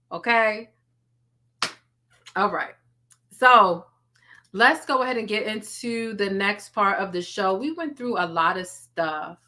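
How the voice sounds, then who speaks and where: Bright-voiced chatty woman streamer. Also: medium pitch, lively intonation, measured pace, pauses often. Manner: chatty, thanks viewers for donations and memberships by name; laughs often, playful teasing. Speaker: YouTube livestream host. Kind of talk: casual live-stream commentary.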